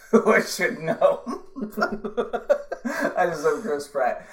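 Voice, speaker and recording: A man's voice: a little high, animated, extremely slow. Chatty man co-hosting a podcast, echoey room. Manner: laughs often, fillers and restarts. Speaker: podcast co-host. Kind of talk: casual chat.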